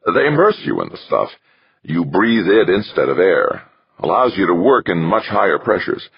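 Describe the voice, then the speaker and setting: A man's voice: deep voice, very animated, moderate pace, creaky, husky, dull audio, pitched above the performer's own voice, heavily acted. A man voicing a cheerful, round-faced male chief technician who talks eagerly through a toothy smile, in an audiobook.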